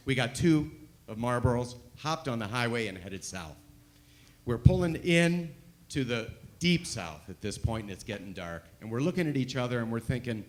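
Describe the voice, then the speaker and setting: A man telling a stand-up story, animated and swinging between loud bursts and hushed asides. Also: mid-range voice, normal speed. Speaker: stand-up comedian.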